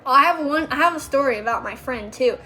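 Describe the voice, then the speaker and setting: A woman's voice: sits high, fast, bright, forceful tone. A young woman telling stories about working as a background extra, casual and chatty, full of fillers and quoted voices. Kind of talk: casual storytelling.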